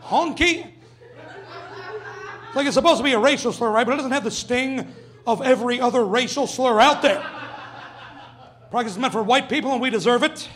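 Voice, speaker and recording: A man's voice: very high voice, a little fast, long pauses, fairly bright tone. A young man doing a stand-up comedy set on a club stage, brash and profane, acting out quoted voices.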